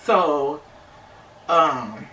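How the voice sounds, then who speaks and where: Young woman vlogger, chatty, talks straight to viewers; bright tone, recorded in a roomy space. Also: deep voice, lively intonation, drawn-out words, slight background noise. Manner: chatty, many fillers, addresses viewers as y'all. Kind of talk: casual storytelling to camera. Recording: echoey room, slightly distant mic.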